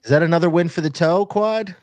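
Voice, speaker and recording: A man's voice: fairly high pitch, quick pace, a little mellow, no echo. Blunt, profane man on a dry mic. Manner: profane, blunt, laughs at own jokes. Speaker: podcast guest. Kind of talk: casual podcast chat.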